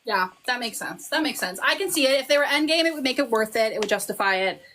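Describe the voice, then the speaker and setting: A young woman hosting a livestream, chatting casually and retelling plot points in quick run-on bursts like an excited fan. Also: fairly high pitch. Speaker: livestream host. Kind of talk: casual chat.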